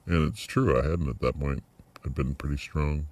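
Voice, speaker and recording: A middle-aged man talking through a personal video diary, reflective and halting, with many fillers and restarts. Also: rumbling low, darkish tone. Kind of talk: personal vlog monologue.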